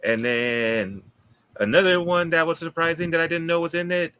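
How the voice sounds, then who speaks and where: A man's voice: fairly high pitch, normal speed, pushed and bright, clean tone, rough recording. A man co-hosting a podcast, reviewing a movie in enthusiastic, rambling casual chat with plenty of fillers. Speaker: podcast co-host.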